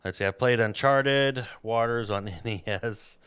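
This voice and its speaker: A man's voice: mid-range voice, unhurried, fairly bright tone, clean tone, no echo. A man hosting a podcast in casual, rambling chat, laughing at his own jokes. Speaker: podcast host.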